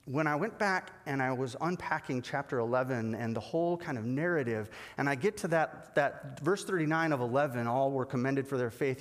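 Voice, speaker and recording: A man preaching a sermon as pastor, animated and acting out the voices he quotes. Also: a little high, long reverb tail. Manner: animated, acts out quoted dialogue.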